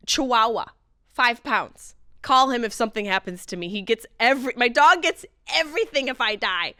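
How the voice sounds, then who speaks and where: A woman in her late thirties hosting a podcast, delivering a wry comedic monologue that swings between loud outbursts and low mutters. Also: clear, resonant tone, no echo, studio quality. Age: late 30s. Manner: animated, wry, mimics others in mock voices. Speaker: podcast host.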